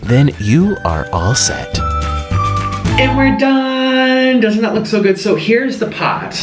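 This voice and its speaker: A man's voice: on the high side, reverberant. A man casually talking through a recipe as a home cooking vlogger, chatty and given to dramatic exclamations. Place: home kitchen.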